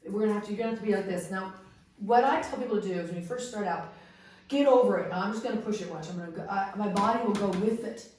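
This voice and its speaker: A woman's voice: mid-range voice, quick pace, slight background noise. Middle-aged woman teaching in an echoey room. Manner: instructive, animated, demonstrates while talking. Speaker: host and Ouija instructor. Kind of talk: hands-on teaching during a paranormal investigation. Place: indoors in a room of an old house.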